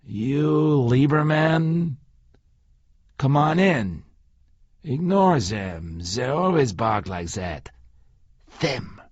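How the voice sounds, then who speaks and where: Man playing menacing older german nazi doctor, german accent, slow clipped commands, husky, dry muffled recording. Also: medium pitch, very animated, no echo, heavily acted. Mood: rehearsing.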